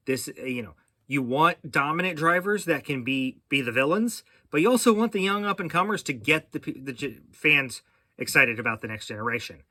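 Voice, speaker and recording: Bright-voiced man rambling about racing. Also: on the high side, a little fast. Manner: rambling, with frequent fillers and restarts. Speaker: podcast host. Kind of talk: casual racing podcast chat.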